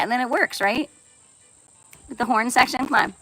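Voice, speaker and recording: A woman's voice: mid-range voice, very animated, a little fast, long pauses, pushed and bright, no room sound, soft background music, low-quality recording. A woman chatting casually on her live stream, playful and laughing often as she reads and answers viewer comments, swearing now and then.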